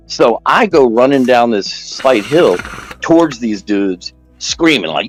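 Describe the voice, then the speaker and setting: A man telling a long story in casual chat, rambling and animated, jumping up in pitch when he quotes people. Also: normal speed, faint music behind, poor audio.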